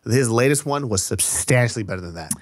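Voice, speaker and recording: Blunt joking man with a lively voice. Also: medium pitch, brisk, dry recording, clean studio sound. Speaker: podcast co-host. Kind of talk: casual chat.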